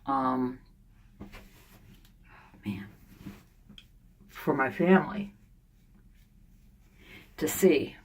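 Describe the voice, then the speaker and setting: Low-voiced woman venting bluntly. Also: animated, measured pace, creaky, long pauses. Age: older. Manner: blunt, candid, venting, thinking out loud. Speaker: vlogger. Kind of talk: casual vlog monologue. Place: sauna.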